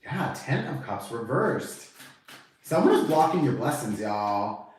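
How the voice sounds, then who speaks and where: A man giving a casual, animated tarot reading to camera, chatty and swearing now and then, acting out the reactions he quotes. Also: medium pitch, a little slow, distant mic, a little hiss or hum. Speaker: tarot reader. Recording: very echoey room, voice off-mic.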